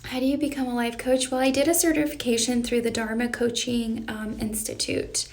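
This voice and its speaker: A young female life coach talks casually and earnestly on a live stream, reading viewers' questions aloud and answering them reflectively. Her slightly high voice has a gravelly, fry-tinged edge, little pitch movement, and a fairly quick pace. It sounds like a phone or webcam mic in a casual setup.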